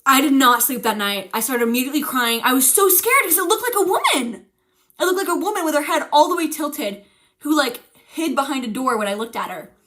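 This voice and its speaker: A young woman streamer telling a frightening story in casual chat, animated and swearing, teary-eyed as she talks. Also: high-pitched, a little fast. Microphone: streaming mic.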